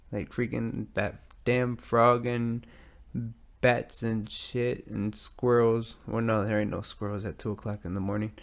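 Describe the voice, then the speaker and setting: A man's voice: mid-range voice, vocal fry. Man, American accent, podcast host, profane, rambling, self-deprecating, casual solo talk. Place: metal garage with a small booth, at night. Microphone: studio mic with headphones.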